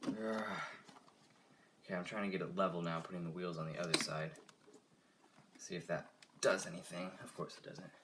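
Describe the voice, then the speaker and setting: A man's voice: low-pitched, flat delivery, moderate pace, pauses often, background noise. A young man chatting casually on a live stream while working with his hands, muttering and sighing in frustration. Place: home, working on a toy car.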